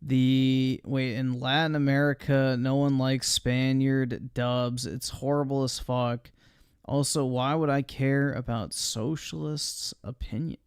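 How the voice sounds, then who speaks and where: Male livestream host, crude and offhand, slow delivery, clean dry close sound. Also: medium pitch, flat delivery, clean tone, no echo. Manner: crude, offhand reactions to chat. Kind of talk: casual streamer commentary.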